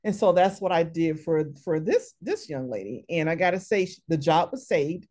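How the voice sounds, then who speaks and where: A woman career coach talking in an interview, telling stories in a lively, emphatic way and often adding tag questions. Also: on the low side, moderate pace. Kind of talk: conversational interview, storytelling.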